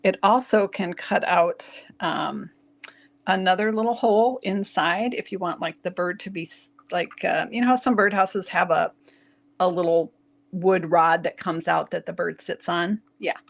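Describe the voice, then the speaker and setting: A woman's voice: lowish voice, normal speed, vocal fry. Woman, craft channel host; casual tutorial, chatty and laughing, speaks straight to her viewers. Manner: chatty, giggly, talks to viewers.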